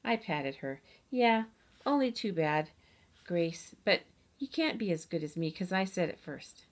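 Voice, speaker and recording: A woman reading a storybook aloud in the voice of a chatty, boastful kindergarten girl who tells her own story with lively, childlike grammar. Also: fairly low pitch, a little slow. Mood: bragging. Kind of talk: audiobook reading.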